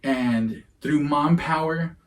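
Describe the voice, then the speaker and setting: A man's voice: a little high, takes it slowly, far from the mic, poor audio. A middle-aged man hosting a podcast, speaking in a heartfelt, earnest way. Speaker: podcast host. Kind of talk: casual chat.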